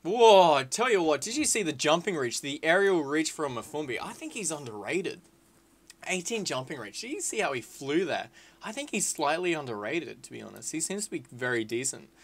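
A man giving casual, excitable gameplay commentary, swearing freely and calling his viewers lads and boys. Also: a little high, fairly quick. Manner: excitable, swears a lot, shouts at big moments. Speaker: gaming video creator.

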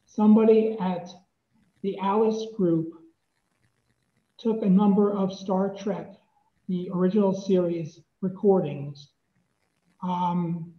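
A presenter giving a relaxed, chatty tech demo at a club meetup. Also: mid-range voice, slow, long pauses. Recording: echoey, dull room mic.

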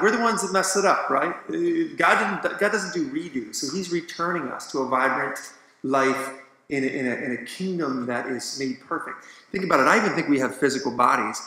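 Man, bright tense voice, earnest and eager, panel talk, echoey hall. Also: fairly high pitch. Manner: earnest and enthusiastic. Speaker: musician on a church panel.

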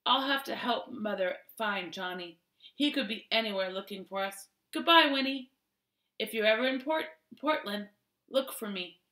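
A woman's voice: medium pitch, normal speed, pushed and bright, reverberant, lightly acted. Woman reading as a prim young girl.

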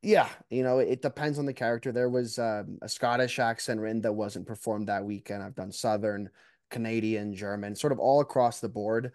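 A young man chatting casually as a podcast guest, relaxed and self-deprecating. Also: fairly low pitch, normal speed, no echo, clean studio sound. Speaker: guest, mock trial competitor.

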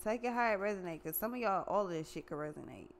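A woman's voice: medium pitch, lively intonation, fast, a little hiss or hum. A woman giving a casual tarot reading in a blunt, profane, slangy way. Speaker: tarot reader.

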